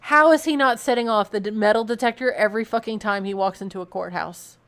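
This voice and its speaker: A young woman streaming a game, reacting in an excitable, animated way and swearing freely. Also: medium pitch, quick pace. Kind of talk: game commentary.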